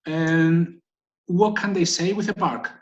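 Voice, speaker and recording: A man's voice: on the high side, fairly even intonation, slow, dull audio. Man leading a volunteer video call. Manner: chatty, keeps checking in with "okay?". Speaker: guide dog trainer leading online volunteer meeting. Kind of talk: casual instructive talk on a video call.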